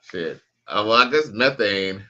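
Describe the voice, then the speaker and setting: A man's voice: lowish voice, animated, unhurried, sharp tone, lo-fi sound. A man casually commenting on a live stream, slangy and profane, reacting to clips and reading out chat. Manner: laid-back, slangy, profane, reads out chat messages.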